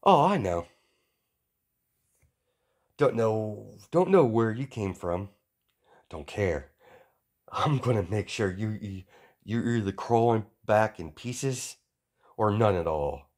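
Brief: man playing a taunting young hero, low voice, slow halting lines. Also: animated, a little mellow. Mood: threatening. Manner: polite then taunting, halting delivery. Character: polite but cocky young male hero.

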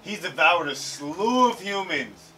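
Man, casual reaction commentary, slangy and excitable, unhurried delivery, slightly distant mic. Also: high voice, faint music behind. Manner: excitable, slangy, swears freely. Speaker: anime reaction host. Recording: slightly distant mic, faint show audio.

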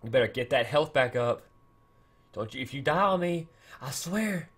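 A young man doing excited let's-play commentary, pleading with and scolding his game units. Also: mid-range voice, normal speed, husky. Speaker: gaming channel host.

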